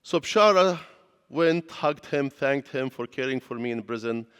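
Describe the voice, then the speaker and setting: The long reverb of a church hall carries a man's animated, unhurried preaching. His mid-range voice is smooth and fairly bright as he earnestly relates his personal testimony in non-native grammar, lecturing as a pastor.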